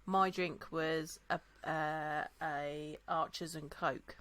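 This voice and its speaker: A woman co-hosting a podcast, telling stories in a relaxed way and laughing often. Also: low voice, takes it slowly. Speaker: podcast co-host. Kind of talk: casual chat tasting drinks.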